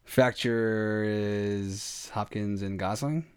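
A man's voice: on the low side, fairly even intonation, drawn-out words, smooth. A man co-hosting a podcast in casual movie chat, trading dry quips and short replies. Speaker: podcast co-host.

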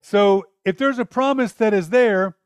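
A man's voice: high voice, unhurried, smooth, no room sound, clean studio sound. A man preaching a sermon in an earnest, emphatic way, often acting out prayers.

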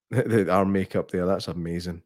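A Scottish man co-hosting a podcast, trading wry, teasing remarks. His voice sits a little on the low side. It is recorded dry and close. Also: little pitch movement, normal speed, dry recording. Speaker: podcast co-host. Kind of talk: casual chat.

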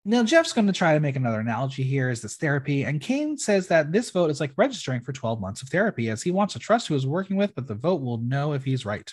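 A man hosting a casual podcast, recapping a reality show in an opinionated, expressive way and swearing freely. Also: a little high, fast talker, few pauses, breathy edge.

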